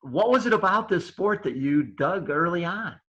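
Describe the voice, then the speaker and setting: A man's voice: sits high, animated, moderate pace, pushed and bright, low-quality recording. A man hosting a casual video-call interview, asking questions in a chatty, enthusiastic way. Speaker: show host.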